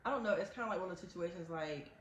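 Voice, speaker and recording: A young woman co-hosting a casual podcast, talking fast and packing her sentences with fillers. Her pitch is ordinary. Her voice carries a roomy echo over a faint hiss. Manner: fast, chatty, full of fillers like "like". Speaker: podcast co-host. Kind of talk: casual chat. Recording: echoey room with faint noise.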